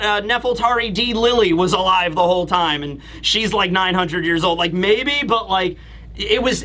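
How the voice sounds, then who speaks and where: A man with a high, bright voice rambles through a manga chapter review. He is animated and chatty, addressing his audience directly with lots of "okay" and "right". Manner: animated, rambling, talks straight to viewers. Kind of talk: casual video review commentary.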